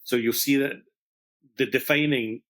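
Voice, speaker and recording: A man's voice: medium pitch, steady tone, measured pace, a bit bright. A middle-aged man, a master stone setter explaining a jewellery technique in chatty, self-deprecating conversation, with restarts and fillers.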